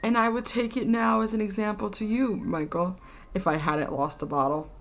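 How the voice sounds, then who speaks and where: Brief: woman reading sulky, blustering Edwardian-style dad, grumbling with a gravelly edge. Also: medium pitch, fairly even intonation, moderate pace, voice pushed up, close to an everyday voice. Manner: blustering and petulant. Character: pompous, sulky middle-aged father.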